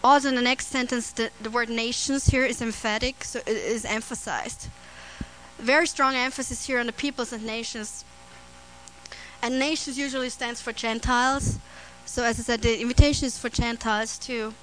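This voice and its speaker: A woman preaching a sermon on scripture, earnest and prone to restarts and soft laughter. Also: on the high side, fairly even intonation, normal speed, a little hiss or hum, rough recording.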